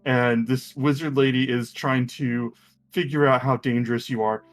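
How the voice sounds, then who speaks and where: A man narrates a tabletop game as its game master. He rambles, stopping and restarting often, at an ordinary middle pitch. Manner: rambling, many fillers and restarts.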